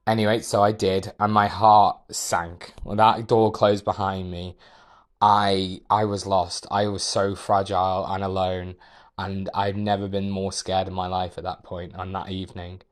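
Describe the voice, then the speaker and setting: Man, young adult, podcast guest, fairly low voice, reflective, measured storytelling, small restarts. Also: flat delivery. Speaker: podcast guest, architectural designer. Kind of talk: personal storytelling.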